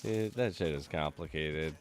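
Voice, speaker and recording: A man's voice: rumbling low, normal speed. A man hosting a game stream, chatting casually and joking, with lots of "like" in his speech. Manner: rambling, joking, heavy use of "like". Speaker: gaming stream host.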